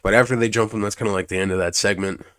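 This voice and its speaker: Low-voiced man rambling through a recap. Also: fairly even intonation, racing, fairly bright tone. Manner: rambling, swears, restarts and acts out quotes. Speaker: wrestling recap vlogger. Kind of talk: casual unscripted recap.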